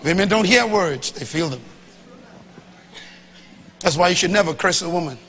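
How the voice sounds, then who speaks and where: A man preaching a sermon to a congregation, swinging from loud to hushed and acting out quoted dialogue. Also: high-pitched, animated, moderate pace, a little hiss or hum. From Bahamas. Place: church hall before a live congregation.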